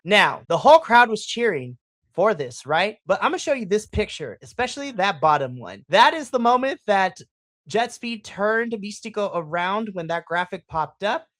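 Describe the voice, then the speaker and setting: A podcast host recapping a wrestling show in casual chat, excitable and profane, acting out their own reactions. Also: mid-range voice, moderate pace, no echo.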